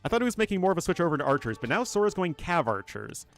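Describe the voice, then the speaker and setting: A man's voice: high voice, big pitch swings, rapid-fire, a bit bright, faint music behind. A man casting a strategy game match live, chatty and rambling, talking straight to his chat. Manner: chatty, rambling asides, talks to chat directly. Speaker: game caster and streamer. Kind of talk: casual live esports commentary.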